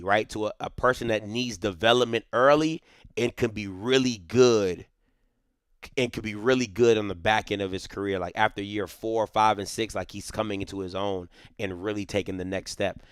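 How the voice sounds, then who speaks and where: A man holds forth on the sports of the day with a smooth, resonant voice. He is emphatic, circles back to his points, restarts his sentences and keeps checking in with a quick "right?". The sound is dry and close, with no room around it. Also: on the low side, fairly even intonation, no room sound. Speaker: sports show host. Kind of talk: casual opinionated sports commentary.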